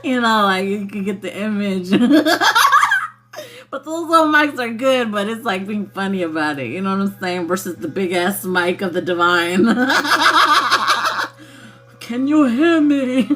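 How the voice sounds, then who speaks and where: A woman's voice: medium pitch, moderate pace, fairly bright tone, a little hiss or hum. A woman hosting a casual spiritual livestream who laughs often and swears freely in a loose, playful way. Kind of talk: casual chat with viewers.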